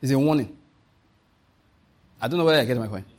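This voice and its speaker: A man's voice: mid-range voice, quick pace. A Nigerian man preaching a conversational, humorous sermon full of stories. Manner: humorous, storytelling, often laughing.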